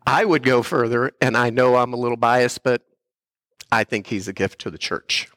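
An older man, a grandfather, giving a heartfelt sermon in a church as a guest speaker who pastors missionaries. He speaks earnestly and clears his throat often. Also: medium pitch, moderate pace, a bit bright, dry recording, clean studio sound.

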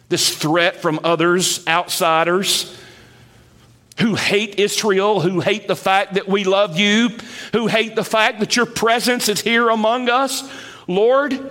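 Slow, high-voiced male preacher. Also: fairly bright tone. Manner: slow, deliberate Bible exposition with rising emphasis. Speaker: pastor. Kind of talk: sermon.

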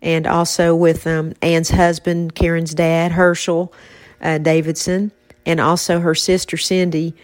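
Her delivery is a little slow, with little pitch movement, as this faith-based podcast host reflects softly in casual conversation. She has a slightly low voice for a woman, and the recording is dry and close to the mic.

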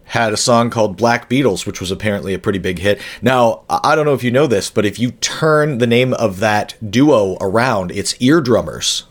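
A man's voice: lowish voice, moderate pace, hardly any pauses. Rambling, dry-humored podcast host guy. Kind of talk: casual podcast chat.

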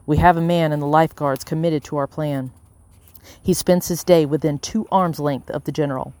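A reader voicing a scheming colonial-era male mayor who speaks calmly and persuasively in an audiobook. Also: medium pitch, moderate pace, no room sound, lightly acted. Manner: calm, coldly persuasive. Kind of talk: audiobook character reading.

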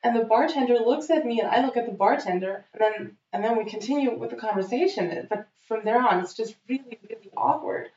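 A woman's voice: fairly high pitch, fairly quick, few pauses, recorded from a distance. A woman telling a funny story in casual chat, acting out what people said. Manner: lively storyteller acting out quotes. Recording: dull, roomy, off-mic sound.

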